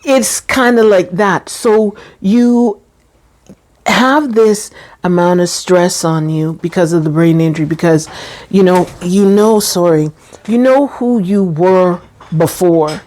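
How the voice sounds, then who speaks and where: A woman talking about her own experience, chatty and quick to laugh, who acts out little quoted exchanges and at times grows teary. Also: on the low side, a little mellow. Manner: chatty, laughs often, drifts into quoted voices. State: getting teary. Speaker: channel host sharing her experience. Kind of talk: personal talk to camera.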